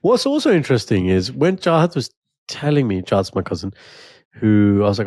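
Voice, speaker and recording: A man's voice: fairly low pitch, fairly quick, no room sound. A man co-hosting a podcast, chatting casually and acting out quotes as he tells stories. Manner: animated storytelling with acted-out quotes. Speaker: podcast co-host. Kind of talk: casual chat.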